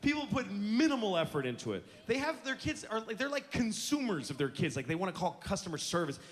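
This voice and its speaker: A man's voice: high-pitched, sing-song, fast talker. A middle-aged man doing stand-up on stage, ranting in an exasperated, profane way. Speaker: stand-up comedian. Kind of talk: stand-up routine. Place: stage before a live audience. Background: audience laughter and room ambience.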